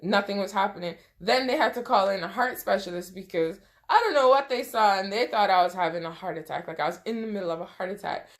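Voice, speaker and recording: A woman's voice: mid-range voice, fast, hardly any pauses. A young woman telling a personal storytime, emotional and close to tears, acting out what people said. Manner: emotional, tearful retelling with quoted dialogue. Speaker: vlogger. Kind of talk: storytime vlog.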